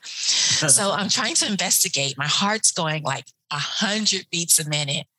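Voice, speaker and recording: A woman who works as a hospice nurse, telling a personal story in an animated way and acting out the voices of the people in it. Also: lowish voice, a little slow, husky, no room sound, poor audio.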